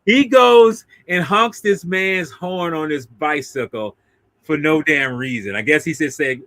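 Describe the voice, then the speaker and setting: A man's voice: fairly high pitch, a little slow, fairly bright tone, dry recording. A man casually recapping an old monster film, laughing often and acting out the characters in mock voices. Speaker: co-host of a film discussion video. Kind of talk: casual movie recap chat.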